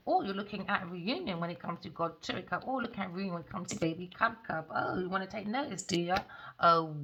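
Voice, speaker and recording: Sassy gravelly tarot reader woman. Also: on the low side, a bit bright. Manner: theatrical, sassy, swears often. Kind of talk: casual tarot reading.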